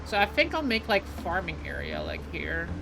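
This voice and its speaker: A woman's voice: on the low side, huge pitch swings, normal speed, background noise. A young adult woman streaming a game live, chatting casually and playfully with lots of "like" fillers. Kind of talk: casual live gameplay chat.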